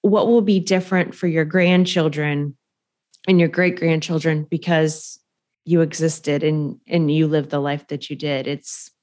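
A woman's voice: deep voice, fairly even intonation, a little slow, darkish tone. A woman coach and podcast co-host speaking earnestly, posing reflective questions in casual conversation.

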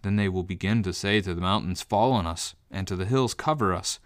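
A man voicing Jesus in a scripture reading, with a measured, grave delivery. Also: sits low, dry recording, studio quality, close to an everyday voice. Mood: solemn. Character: Jesus, calm grown man, steady and solemn.

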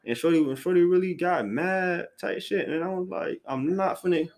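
A man's voice: sits high, normal speed, a little mellow. A man hosting a podcast, ranting casually about what he hates, rambling and repeating himself with blunt, profane slang. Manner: restarts sentences often, with lots of "like" fillers. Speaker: podcast host. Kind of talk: casual solo rant.

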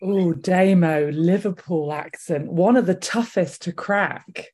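Woman, podcast co-host, lowish pitch, playful chat. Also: slow pace, darkish tone, breathy edge. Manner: playful, teasing. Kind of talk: casual chat.

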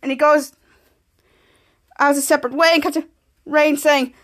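Woman podcast host, high voice; casual scene-by-scene recap, heavy on "cut to", reads the dialogue aloud. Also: steady tone, normal speed, fairly bright tone. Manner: narrates scene by scene, repeating "cut to" and reading characters' lines aloud.

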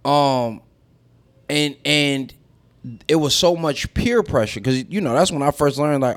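A man's voice: on the high side, measured pace, no echo. A man on a casual podcast, animatedly telling a story, acting out quotes and swearing freely. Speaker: podcast co-host.

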